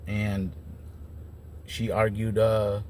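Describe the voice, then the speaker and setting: A man's voice: on the low side, flat delivery, very slow, darkish tone, a little hiss or hum. A man giving a casual, rambling recap of wrestling shows as an enthusiastic fan. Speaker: wrestling commentator.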